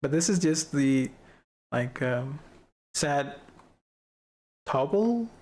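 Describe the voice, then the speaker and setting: The voice is mid-range and a little mellow, animated yet extremely slow. A young adult livestreamer giggles often and rambles while showing off an avatar model and chatting casually with chat.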